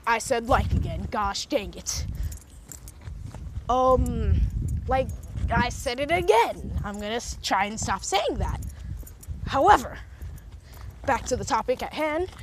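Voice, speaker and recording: A woman's voice: a little high, sing-song, slow, pauses often, slight background noise. A young woman vlogging from her phone, rambling and correcting herself in a casual monologue. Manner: rambling, self-correcting, heavy use of filler words. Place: recording on a phone while out and about.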